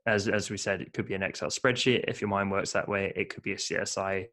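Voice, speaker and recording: A man with a fairly low voice co-hosts a relaxed business podcast. He talks in a chatty, playful way and keeps his advice practical and easygoing. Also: quick pace. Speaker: podcast co-host. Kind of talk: casual business podcast chat.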